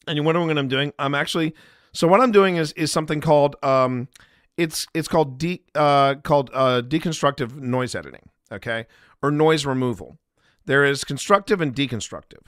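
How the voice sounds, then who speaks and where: A slightly high male voice with a bit of brightness, recorded cleanly in a studio with no room sound. The speaker, a live stream host and paranormal investigator, rambles jokily about his editing technique while speaking straight to his chat.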